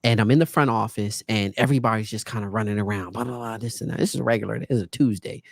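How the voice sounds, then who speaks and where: A man's voice: lowish voice, steady tone, racing, vocal fry, dry recording, studio quality. A man who works as a guest speaker, telling stories casually and animatedly, often acting out other people in a raised voice. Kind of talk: casual storytelling. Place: podcast studio.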